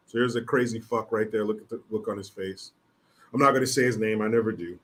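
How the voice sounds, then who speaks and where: A man's voice: fairly low pitch, fairly even intonation, brisk. Blunt, profane man reading the news. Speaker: commentary vlogger. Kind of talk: reading news aloud with commentary.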